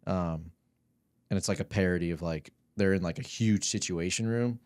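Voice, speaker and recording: Podcast guest: young man, very low voice, loose rambling delivery with lots of swearing. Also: moderate pace, a little mellow, clear, resonant tone, dry recording. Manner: rambling, profane, laughs through stories. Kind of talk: casual chat.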